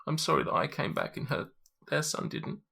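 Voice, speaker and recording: A man voicing a young girl, grateful and apologetic, speaking softly. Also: fairly high pitch, expressive, brisk, gravelly, husky, voice pushed up, exaggerated voice. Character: young girl, tearful and grateful, just returned home.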